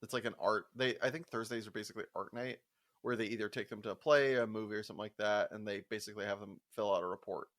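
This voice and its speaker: A man's voice: lowish voice, quick pace. A young man co-hosting a podcast, telling work stories in casual chat, swearing freely and laughing as he acts out quotes. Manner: profane animated storyteller, laughs often, acts out quotes. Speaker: podcast co-host.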